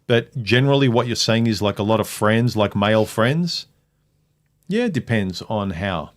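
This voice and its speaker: A man's voice: on the low side, lively intonation, moderate pace. A man hosting a casual livestream chat, reading viewer comments aloud and reacting to them. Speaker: livestream host.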